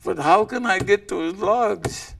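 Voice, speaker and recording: A man's voice: sits high, slow, vocal fry, a bit bright, recorded from a distance, slight background noise, exaggerated voice. A man voicing a boastful, scheming male coyote trickster in a told legend, stubborn and crafty.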